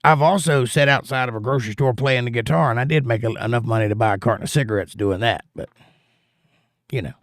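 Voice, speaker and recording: Talking quickly in a medium-pitched voice, a Georgia man reads viewer comments during his livestream and tells folksy, jokey stories in a casual chat. The audio is dry and studio quality.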